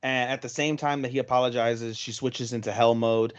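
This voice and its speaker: A man's voice: medium pitch, fairly even intonation, clear, resonant tone. Podcast cohost guy fixing the other guy's details, bit muffled lo-fi sound. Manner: corrects details, fast detailed recaps, casual swearing. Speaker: podcast co-host. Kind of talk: casual chat about an anime episode.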